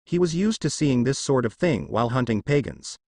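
Guy reading fan fiction aloud, animated pitch, dry close sound. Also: a little fast, dry recording. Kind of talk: story narration.

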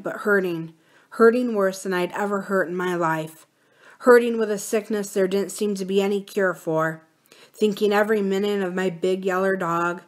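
A woman reads a novel aloud for a library series, with a mid-pitched voice. She reads expressively, slowing down for the sad passages. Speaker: library story reader. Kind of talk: storybook read-aloud.

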